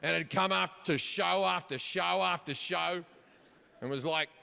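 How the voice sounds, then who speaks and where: Bright high-voiced comic guy, swears a lot, yells the punchlines, big echoey theater. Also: measured pace, vocal fry. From Australia. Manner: profane, animated, shouts punchlines. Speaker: stand-up comedian. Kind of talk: stand-up storytelling. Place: large theater stage. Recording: live hall reverb, audience ambience.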